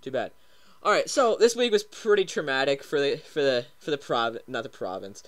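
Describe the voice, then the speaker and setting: A man's voice: medium pitch, animated, normal speed. A young man from Canada hosting a casual chat show, giggling and hesitating with lots of fillers. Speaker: podcast host.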